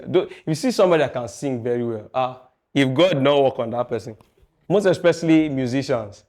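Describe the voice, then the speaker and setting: A man's voice: medium pitch, a little mellow. A man teaching a music class, chatty and jokey, often asking his students questions. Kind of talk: classroom lecture.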